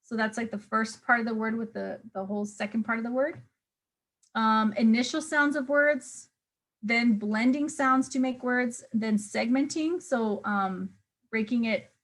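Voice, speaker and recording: A young woman teacher gives a recorded review lecture to interns. Her voice sits fairly high, and she talks loosely, with many "um"s and a habitual "right?" to check her listeners follow. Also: fairly even intonation, normal speed, a bit bright. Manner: casual, frequent "um" and "right?" check-ins. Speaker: teacher trainer.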